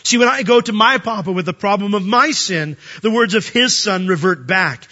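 High, bright-voiced male preacher. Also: normal speed, hardly any pauses, highs cut off. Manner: animated, emphatic, asks the audience questions. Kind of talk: sermon.

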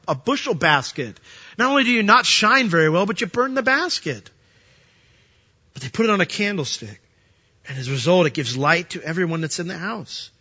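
A man preaching a sermon as pastor, animated, acting out the voices of the people he quotes. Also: sits high, a little fast, breathy edge. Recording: dull lo-fi sound.

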